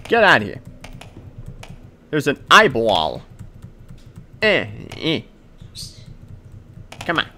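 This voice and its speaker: A man's voice: a little high, huge pitch swings, slow, long pauses, pushed and bright. A man playing a video game and commenting, rambling and talking to himself playfully. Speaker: gaming video creator. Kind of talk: let's play commentary.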